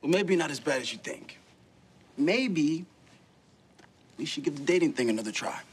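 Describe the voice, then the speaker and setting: A calm, earnest young man. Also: fairly high pitch, moderate pace, husky. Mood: gentle. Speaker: high school senior, her date. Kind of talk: sitcom acting.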